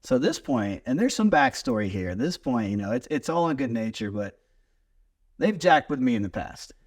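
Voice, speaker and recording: A man as a podcast guest, telling a long story in a lively, rambling way and swearing freely. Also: medium pitch, moderate pace. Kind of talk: casual storytelling chat.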